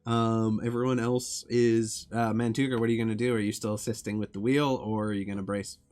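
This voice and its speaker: A man's voice: fairly low pitch, flat delivery, fairly quick, darkish tone. A man narrating a tabletop game as game master, describing scenes with filler restarts.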